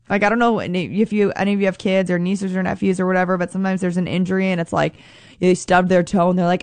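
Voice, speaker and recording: A woman's voice: mid-range voice, steady tone, fast, no echo. A woman preaching a casual sermon, reading scripture and then explaining it informally, calling her listeners friends.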